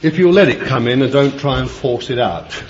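A man preaching a sermon, dramatic and deliberate, moving from quiet musing to loud cries and drawing out his words. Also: medium pitch. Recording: dull lo-fi recording with faint ambient noise.

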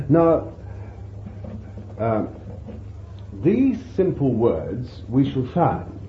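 A man preaching a sermon in an unhurried way, often chuckling as he explains. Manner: slow, unhurried preaching with lively pitch and warm chuckles. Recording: roomy, tinny phone-like sound with faint hiss.

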